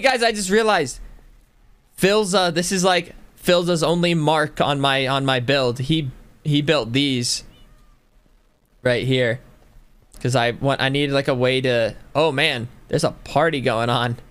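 A man chatting casually while playing a game, rambling and breaking off his thoughts. He talks slowly, and his voice sounds smooth and clear. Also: medium pitch, fairly bright tone. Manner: rambling, trailing off mid-thought. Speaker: streamer. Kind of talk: casual gaming chat.

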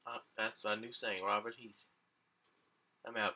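A man giving casual gameplay commentary, jumping between low muttering and high excited yelps and swearing often. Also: normal speed, pauses often, breathy edge.

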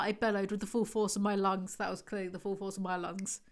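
A woman's voice: medium pitch, moderate pace. A woman hosting a book review vlog, reading excerpts aloud and breaking in with sarcastic, wry asides. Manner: sarcastic, wry asides between read passages.

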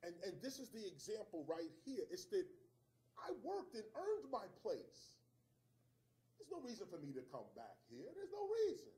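A man's voice: high voice, huge pitch swings, moderate pace, a little mellow, rough recording. A man speaking as a guest rapper, giving an impassioned, emphatic speech and repeating phrases for emphasis.

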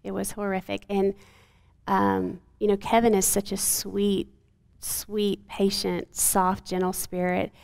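Brief: woman, 40s, gravelly creaky edge, earnest halting testimony. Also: mid-range voice, flat delivery, a little mellow. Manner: earnest, halting with frequent fillers. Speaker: guest, mother of a sick child. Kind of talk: emotional personal testimony in an interview.

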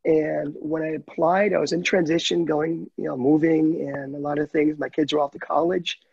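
Heartfelt man, husky and gravelly, dry dull lo-fi call sound, higher voice. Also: little pitch movement, normal speed, a little mellow, dry recording. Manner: heartfelt, candid, chokes up at times. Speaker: guide dog client telling his story. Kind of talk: emotional interview storytelling.

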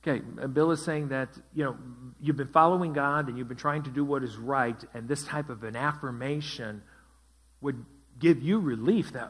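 A man's voice: medium pitch, normal speed, fairly bright tone. A man teaching a Bible study as pastor, asking his group questions and repeating their answers. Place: church.

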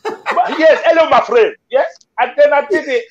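A man's voice: very high voice, expressive, normal speed, muffled recording. A man co-hosting a casual chat and telling a comic story. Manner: storytelling, does silly voices. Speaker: co-host.

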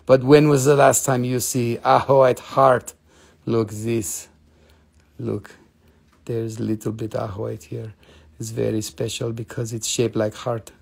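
A man's voice: mid-range voice, flat delivery, unhurried, creaky, darkish tone, breathy edge, voice pushed down. A man voicing a jokey, haggling gem dealer who speaks in broken English with teasing sales patter. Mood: playful haggling.

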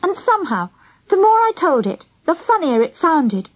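A woman narrating a children's storybook in the first person, lively and expressive. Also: very high voice, normal speed, rough recording. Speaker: audiobook narrator.

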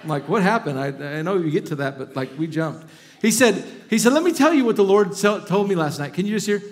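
A middle-aged man preaching from the pulpit, his voice sitting a little high for a man. He acts out the scripture he reads with sweeping rises and falls, then slips back into easy, chatty asides. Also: expressive, a little fast. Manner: reads scripture aloud with dramatic emphasis, then talks casually and chuckles. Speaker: pastor. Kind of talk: sermon.

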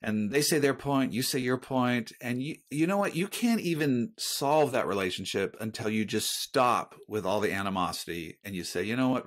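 A man's voice: mid-range voice, lively intonation, moderate pace, a bit bright. A middle-aged man speaking as a guest author in a podcast interview, earnest and reflective as he talks about faith.

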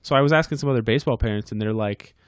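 A man's voice: mid-range voice, rapid-fire, dry recording, studio quality. A man co-hosting a casual podcast, telling a heated story with lots of swearing. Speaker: podcast co-host.

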